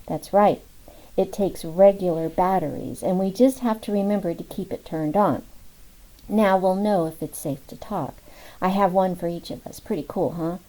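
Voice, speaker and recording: A woman's voice: lowish voice, moderate pace, mellow, natural voice, rough recording. A woman voicing an upbeat male agent who is pleased with his gadgets.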